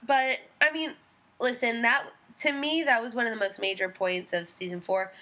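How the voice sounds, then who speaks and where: A woman's voice: fairly high pitch, fairly even intonation, normal speed, pushed and bright. A woman co-hosting a casual podcast, blunt and unfazed, swearing offhandedly. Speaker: podcast co-host. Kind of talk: casual TV recap chat.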